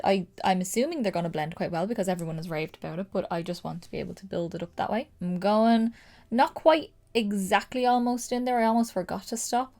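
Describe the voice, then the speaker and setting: A young woman with a Dublin accent, chatting excitedly through a casual makeup tutorial with lots of fillers. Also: mid-range voice. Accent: Dublin Irish. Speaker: makeup creator.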